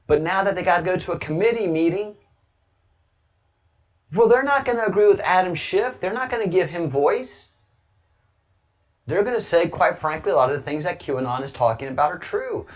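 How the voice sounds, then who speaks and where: A man talking casually on his livestream, rambling and now and then breaking into loud, excited bursts. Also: high voice, moderate pace, pauses often, dull audio. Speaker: livestreamer, political commentator.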